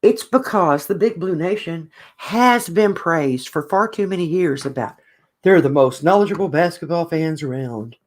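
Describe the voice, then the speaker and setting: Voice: mid-range voice, moderate pace. A podcast co-host, ranting with strong opinions in casual sports chat.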